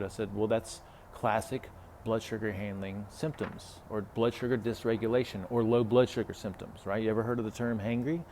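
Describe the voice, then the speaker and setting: A man's voice: fairly low pitch, steady tone, moderate pace, a little mellow, slight background noise. A man talking casually as a health coach, retelling a client conversation with lots of fillers and asides. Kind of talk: casual podcast talk.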